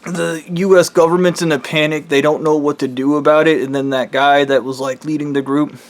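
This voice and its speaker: A man's voice: a little high, steady tone, brisk. A man casually retelling a dream in a rambling way, with constant filler words and swearing. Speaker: vlogger.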